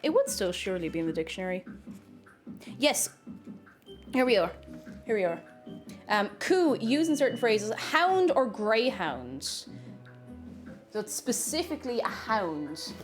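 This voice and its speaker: Speaking at a moderate pace with frequent pauses, this woman with an Irish accent hosts a casual live stream over music, teaching viewers an Irish word of the day. Her desk mic catches her playful tone and sudden high-pitched, excited hellos to the chat.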